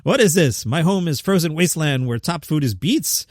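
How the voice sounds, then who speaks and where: A man's voice: on the high side, animated, normal speed, no echo, clean studio sound. A man voicing a grumbling Russian man with a mock Russian accent, playing it for laughs. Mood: baffled complaint. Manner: exaggerated, complaining. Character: grumbling Russian man baffled by his frozen home.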